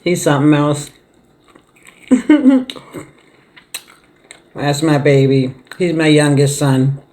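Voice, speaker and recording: A middle-aged woman talks casually to her viewers while eating a meal at home. She chats in a relaxed, homey way, laughs often, and murmurs between mouthfuls. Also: low voice, slow pace. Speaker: mukbang vlogger.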